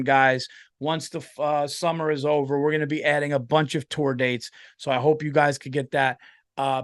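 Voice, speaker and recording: A man's voice: a little high, no room sound, clean studio sound. A tired man hosting a comedy podcast, rambling and swearing freely in a casual monologue. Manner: profane, rambling, lots of fillers.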